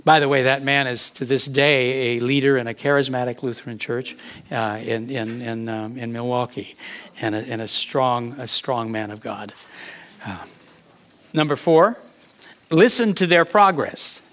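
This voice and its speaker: A middle-aged man preaching as a pastor, animated, with sudden rises and many restarts. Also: mid-range voice, unhurried. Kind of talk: sermon teaching.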